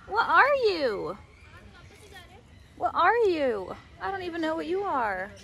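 High-voiced woman cooing outdoors. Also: big pitch swings, slow, long pauses, a bit bright. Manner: chatty, coos at animals in a high sing-song voice. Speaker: vlogger. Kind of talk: casual vlog chat. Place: outdoor wildlife park with animals. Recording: outdoor ambience with animal noise.

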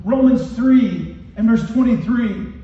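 A man's voice: very high voice, slow pace, warm tone. A man preaching a passionate sermon as pastor, calling out to the congregation as he goes. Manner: impassioned preaching with call-and-response. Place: church hall with congregation. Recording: echoey, distant, muffled hall recording.

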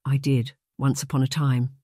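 A gentle young governess in an audiobook, as the narrator puts her on, measured and soft-spoken. She picks every word carefully, and the recording is close and dry. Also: a bass voice, level tone, no room sound. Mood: wistful. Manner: measured, soft-spoken, choosing words with care. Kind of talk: audiobook reading.

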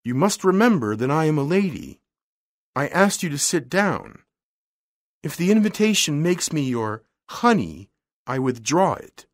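A man's voice: fairly high pitch, sing-song, unhurried, no echo, studio quality, voice pushed up. A man voicing a wealthy, bored young woman who speaks in a cool, refined, weary way. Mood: icy.

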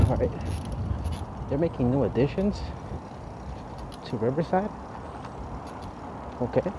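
A man talks into his phone as he walks a city street, chatting casually and swearing freely while he plays a mobile game. His pitch sits mid-range. Traffic and street noise run clearly behind him the whole time. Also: a little slow, pauses often. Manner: profane, chatty, loud exasperated outbursts. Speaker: vlogger playing a mobile game. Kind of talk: casual live walking vlog. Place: outdoors on a city street, walking.

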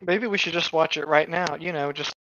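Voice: medium pitch, a little fast, highs cut off, noisy background. A podcast co-host chatting casually, laughing often and saying "like" a lot.

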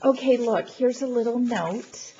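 A woman crafter unboxing a gift at home, her voice leaping up and down as she gasps and gushes over each item. She talks slowly and a little high, and the home video sound is dull and lo-fi with a faint hiss behind her. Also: lively intonation. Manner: gushing, gasping, exclaiming. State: feeling unwell. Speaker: crafting vlogger opening a gift package. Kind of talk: excited unboxing chat to camera.

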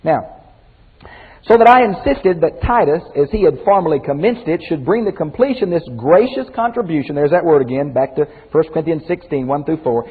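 Folksy preacher, husky, lively pitch. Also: male voice, normal speed. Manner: folksy, animated, shifts from loud exclamations to quiet emphasis. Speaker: pastor teacher. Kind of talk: expository Bible teaching. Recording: phone-like audio with long hall reverb.

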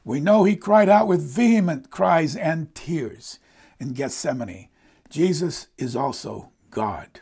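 Gravelly, husky-voiced male preacher. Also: fairly high pitch, animated, slow, darkish tone. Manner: earnest, emphatic preaching. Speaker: pastor. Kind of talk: sermon.

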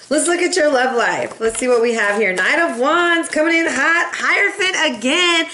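A chatty woman reads tarot cards for her viewers in a sassy, familiar way, tossing in "boo" and "y'all". Her voice sits fairly high for a woman. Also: animated, moderate pace, pushed and bright, slight background noise. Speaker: tarot reader. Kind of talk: casual tarot reading.

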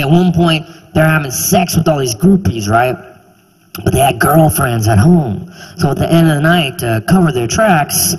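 Animated young male stand-up comic. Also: fairly high pitch, husky, big-room sound, poor audio. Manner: animated, exaggerated acted-out voices. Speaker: stand-up comedian. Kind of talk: stand-up comedy set.

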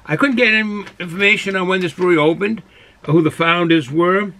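A man with a high, bright voice talks through a beer review in a loose, rambling way. He stops and restarts often and corrects himself mid-sentence. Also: brisk. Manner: rambling, self-correcting, chatty. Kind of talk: casual solo review.

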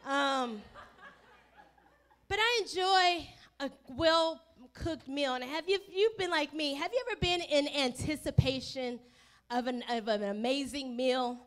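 High-voiced woman pastor, playful. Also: measured pace, a bit bright. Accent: African-American English. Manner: playful, chatty with the congregation, acts out inner voices. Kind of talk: casual, humorous sermon. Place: church sanctuary.

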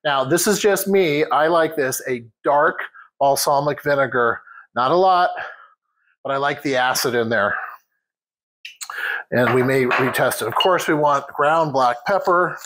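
A man's voice: fairly high pitch, measured pace, fairly bright tone, a little hiss or hum, poor audio. A man hosting a home cooking demonstration in a kitchen, chatting casually and addressing viewers as guys.

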